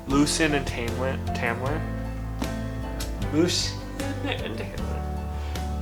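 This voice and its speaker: A man vlogging about a novel he is reading, excitable and profane, bursting into yells and laughter. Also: a little high, measured pace, reverberant, soft background music. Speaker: book vlogger. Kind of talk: reading vlog reactions.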